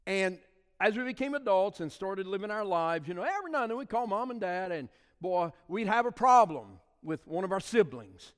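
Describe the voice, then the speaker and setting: A middle-aged man preaches in a fairly high, animated voice that rises into loud declarations and drops into quiet asides. His voice rings with the long reverb of a large hall. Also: normal speed, smooth. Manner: preaching with sweeping swings between loud and soft. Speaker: pastor. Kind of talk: sermon.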